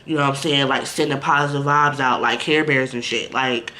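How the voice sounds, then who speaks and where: Speaking fairly quickly at a medium pitch, this man keeps a steady, pushed and bright tone. He's a vlogger talking candidly to the camera in a casual video, blunt and conversational, packing in "like" and "you know" and making direct asides to viewers.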